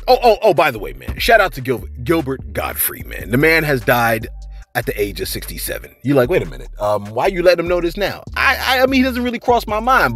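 A man hosting a celebrity news channel in casual commentary, reading viewer shout-outs and tagging sentences with "man" and "you know what I'm saying". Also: fairly high pitch.

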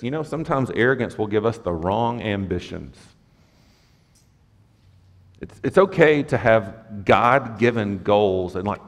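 A man preaching a sermon as pastor, conversational and lively, with asides to the congregation. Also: on the low side, unhurried, big-room sound. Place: church sanctuary.

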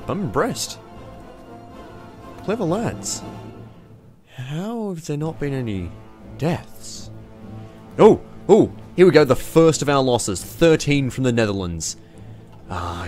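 A man with an Australian accent giving sarcastic, profane, animated commentary while playing a strategy game. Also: fairly high pitch. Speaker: gaming YouTuber.

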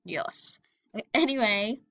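A young woman chatting excitedly and giggling as she comments on her gameplay. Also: on the high side, takes it slowly. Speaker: gaming video host.

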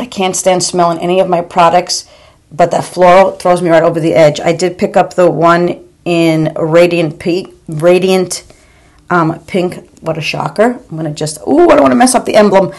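A woman's voice: fairly low pitch, a little mellow. A woman in her forties or fifties, a beauty vlogger in a casual makeup review at home, chatty and calling her viewers "girl", with stammering repeats. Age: 40s or 50s. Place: home room.

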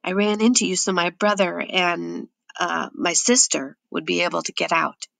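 Woman voicing a wary runaway boy, halting. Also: lowish voice, fairly even intonation, creaky, fairly bright tone, no room sound. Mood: nervous, guarded. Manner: hesitant, halting.

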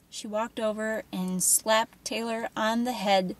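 A woman's voice: medium pitch, steady tone, unhurried, gravelly, few pauses. A woman reading a novel chapter aloud, with chatty asides to her listeners. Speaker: reader.

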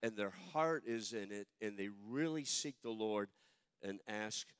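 A man's voice: lowish voice, measured pace, clear, resonant tone, dry recording. Man, pastor, sermon, emphatic, stammering restarts, resonant voice, dry close sound.

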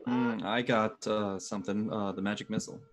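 Lowish voiced guy at the d&d table, relaxed, lots of uh's. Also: brisk. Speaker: player. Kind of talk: casual game chat.

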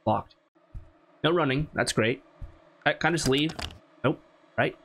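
A man playing a horror game and commenting as he goes, talking to himself and jumping to high squeals when scared. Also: measured pace, a bit bright, slight background noise. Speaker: gaming YouTuber.

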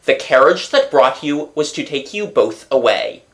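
Reader as a smug police commissary, measured and lecturing, lots of ups and downs in the voice. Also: medium pitch, expressive, fairly bright tone. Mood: probing. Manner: measured, lecturing, pleased with himself. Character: smug self-satisfied police commissary, man.

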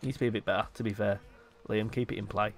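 Excitable man commentating gameplay. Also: lowish voice, fast, soft background music. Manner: excitable, swings between muttering and loud outbursts. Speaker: gaming YouTuber.

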